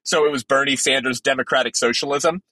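A man, a podcast guest, giving fervent preaching-style commentary with emphatic swings in pitch. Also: steady tone, fast talker, pushed and bright, no room sound, low-quality recording.

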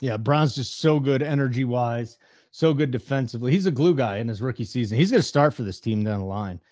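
A man hosting a casual sports talk show, opinionated and brisk as he weighs odds and teams. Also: medium pitch, animated, darkish tone, no room sound. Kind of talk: casual sports radio chat.

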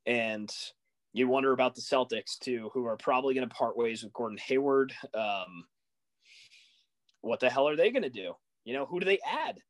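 A young man co-hosting a sports podcast in a relaxed, casual chat. He gets worked up in animated rants and fires off rising, exasperated questions. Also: medium pitch, moderate pace. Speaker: podcast co-host.

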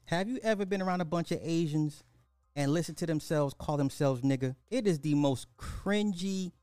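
A man's voice: on the high side, normal speed, a little mellow, smooth, dry recording, clean studio sound, soft background music. A man hosting a social commentary podcast, speaking bluntly and often repeating rhetorical questions. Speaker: podcast host.

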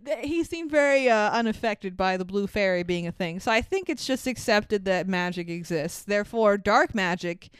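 A woman's voice: mid-range voice, animated, moderate pace, hardly any pauses, smooth, no room sound. A young woman co-hosting a casual podcast, recapping a movie with frequent laughter and acted-out character lines. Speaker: podcast co-host.

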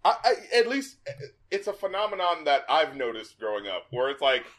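A man's voice: a little high, sing-song, normal speed, a bit bright. A man co-hosting a podcast, animatedly picking apart lyrics, quoting them mockingly and swearing. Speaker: podcast co-host. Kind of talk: casual album review chat.

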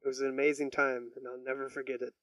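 A man's voice: mid-range voice, flat delivery, quick pace, a bit bright, no room sound, far from the mic, rough recording. A man co-hosting a podcast in a casual chat, crude and joking. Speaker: podcast co-host.

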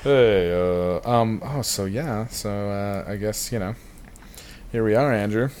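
A man's voice: on the low side, a little slow, a little mellow, slight background noise. A man in his thirties co-hosting a casual podcast chat, sarcastic and laughing often. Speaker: podcast co-host.

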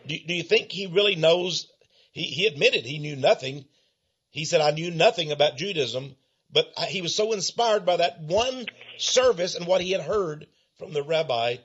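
A man's voice: fairly high pitch, fairly bright tone, husky, dull audio. A man hosting a talk show, telling a story and asking his guest questions, with hesitant fillers. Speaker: host. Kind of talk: podcast interview talk.

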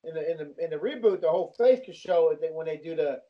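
A man's voice: fairly high pitch, animated. A man in a casual chat with friends, stumbling over his words and swearing. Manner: halting, restarts and swears. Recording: dull lo-fi audio.

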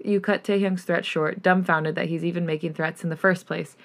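Woman podcast host, fanfic narration, slightly low voice, expressive, emotional. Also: fairly quick, hardly any pauses. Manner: expressive reading, emotional reactions. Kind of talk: reading fanfiction aloud with chat.

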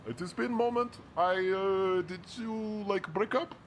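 A man's voice: sits high, moderate pace, a little hiss or hum. A man voicing a friendly building supervisor who speaks broken English and drops his articles. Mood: chatty.

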